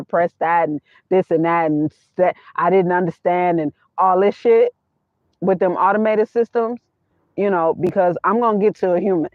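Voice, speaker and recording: A woman's voice: fairly low pitch, dry recording. A woman vlogger chatting casually about money, blunt and emphatic, repeating her points, recorded inside her minivan. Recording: tinny phone-like dry sound.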